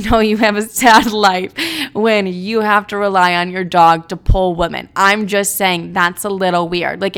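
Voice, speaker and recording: A woman's voice: medium pitch, a bit bright. A young woman hosting a casual monologue, telling rambling stories, swearing freely and acting out what people said. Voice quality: vocal fry. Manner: chatty, rambling, swearing, acts out quotes.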